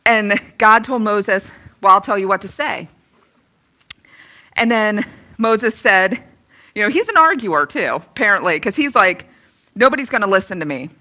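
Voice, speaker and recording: A woman in her thirties sharing a candid personal testimony and teaching from the Bible, lively and self-deprecating. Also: mid-range voice, measured pace, pauses often. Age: 30s. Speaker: speaker giving a testimony.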